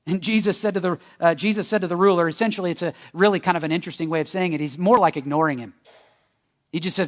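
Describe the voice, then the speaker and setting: A male pastor preaching a sermon in a conversational, joking style, swinging between loud bursts and hushed near-whispers. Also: on the high side, animated, fairly quick. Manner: joking asides. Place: church.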